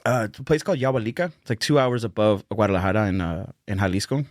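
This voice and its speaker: A man who is a comedian, chatting on a podcast and telling animated stories with frequent laughter. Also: on the low side, quick pace, no room sound, clean studio sound. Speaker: comedian guest. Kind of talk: casual podcast chat.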